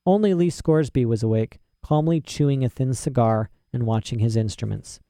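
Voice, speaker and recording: A man narrating a storybook in a steady, expressive reading. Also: mid-range voice, moderate pace, no echo, clean studio sound. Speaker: audiobook narrator.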